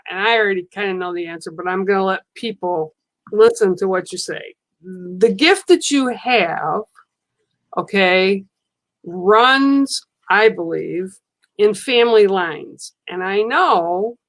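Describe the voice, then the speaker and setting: A woman's voice: medium pitch, dry recording. Woman host asking questions, dry sound. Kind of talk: casual interview chat.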